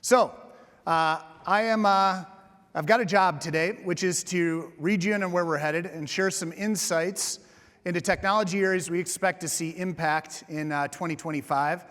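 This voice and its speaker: A man's voice: sits high, moderate pace, fairly bright tone, big-room sound. A man giving a casual, joking conference keynote on a stage microphone, with many fillers. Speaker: keynote speaker. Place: large conference hall.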